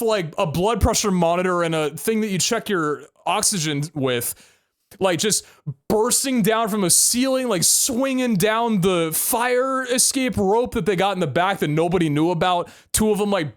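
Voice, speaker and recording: Young man, streamer, casual storytelling, animated, laughs a lot, swears freely. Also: high-pitched, moderate pace.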